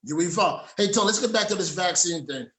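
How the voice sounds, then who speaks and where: Male host with a high voice, on a video call, ranting in a heated, profane way. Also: expressive, brisk, a bit bright, low-quality recording. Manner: profane, heated, repeats himself, restarts. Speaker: show host. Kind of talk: ranting casual talk show chat.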